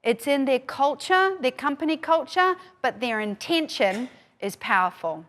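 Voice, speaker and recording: A woman's voice: fairly high pitch, fairly bright tone. A middle-aged woman with a New Zealand accent gives an emphatic motivational conference talk from a stage, repeating her key phrases. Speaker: keynote speaker. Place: conference stage before a live audience.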